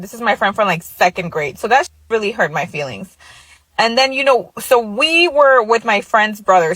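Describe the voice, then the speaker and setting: A woman's voice: mid-range voice, fairly bright tone, no echo, low-quality recording. Chatty woman telling a story, dry sound. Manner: chatty, lots of filler likes. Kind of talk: casual storytelling.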